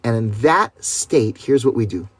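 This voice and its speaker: A man's voice: mid-range voice, expressive, a little slow, breathy edge, no echo. A man, a rabbi, teaching a class over a video call in a conversational way, often asking listeners rhetorical questions. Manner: talks straight to listeners, with rhetorical questions and many "right?".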